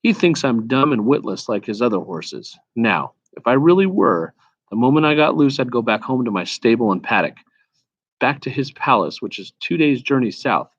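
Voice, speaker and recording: Male reader as a proud talking war horse, brisk, scornful, lecturing, dry close sound, storybook read-aloud. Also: medium pitch, expressive, dry recording, highs cut off.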